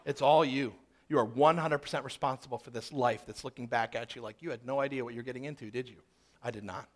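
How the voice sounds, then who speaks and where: A man's voice: medium pitch, fairly even intonation, fast talker, a bit bright. A man in his thirties telling a personal story in a sermon, emphatic and fond of repeating phrases for rhythm.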